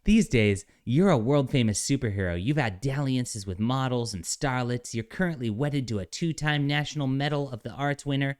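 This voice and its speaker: A man's voice: medium pitch, animated, normal speed, hardly any pauses, darkish tone, voice pushed up, close to an everyday voice. Man putting on a prim rock creature, preachy, lecturing, comic read aloud. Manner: earnest, lecturing, mocking "soy voice".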